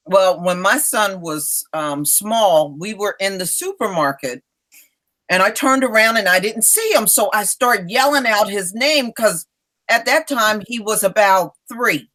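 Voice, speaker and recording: A woman hosting a casual chat, telling a funny family story in an animated way. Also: medium pitch, a little slow. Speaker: host.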